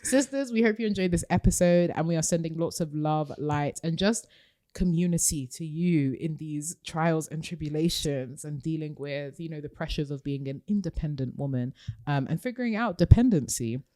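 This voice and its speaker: A woman's voice: low voice, normal speed, mellow, dry recording, clean studio sound. A woman co-hosting a casual podcast, giving earnest, reflective advice. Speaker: podcast co-host.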